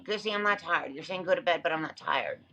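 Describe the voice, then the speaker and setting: A woman's voice: low voice, quick pace, creaky, bright, forceful tone, poor audio. A woman hosting a livestream, talking back to her chat in an emphatic, repetitive way while exhausted. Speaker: livestream host. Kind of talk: casual livestream talk to chat.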